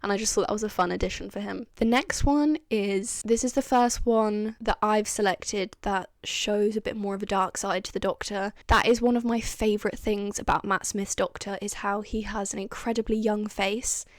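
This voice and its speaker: A woman's voice: medium pitch, steady tone, moderate pace, few pauses, dry recording. Chatty woman with a dry, close sound. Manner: chatty, laughs often, acts out quoted lines. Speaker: vlogger reviewing TV lines. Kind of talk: casual chat.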